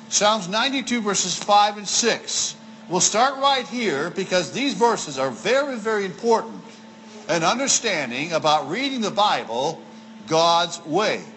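A man preaching a sermon as pastor, emphatic, repeating key lines and slowing down to stress words. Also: sits high, fairly bright tone, a little hiss or hum, rough recording. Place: church.

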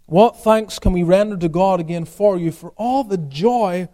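High-voiced man preaching a sermon. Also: normal speed. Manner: preaches with rhetorical questions, rising emphatically then dropping quiet. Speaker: pastor.

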